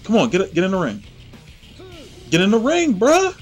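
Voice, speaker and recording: A man hosting his own gameplay channel, giving excitable, trash-talking play-by-play commentary. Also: high voice, normal speed, soft background music.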